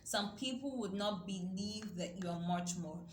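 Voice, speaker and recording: A woman's voice: mid-range voice, a little slow. Earnest woman teaching scripture. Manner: earnest, repeats herself, quotes scripture. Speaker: youth Bible study teacher. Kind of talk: Bible study teaching. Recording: echoey room with faint noise.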